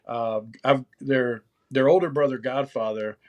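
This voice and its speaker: With the highs cut off, a mid-range male voice comes through a little slow and fairly even in intonation. The man, in his fifties and once a magazine writer, is a guest in a casual interview, talking in a meandering way with frequent restarts.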